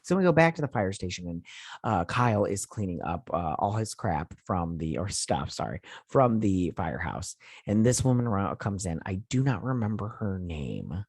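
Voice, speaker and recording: Husky-voiced man rambling through a recap. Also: deep voice, sing-song, normal speed, a little mellow, dry recording, studio quality. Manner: rambling, paraphrases scenes with lots of "like" and asides. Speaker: show host reviewing a TV episode. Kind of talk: casual episode recap and review.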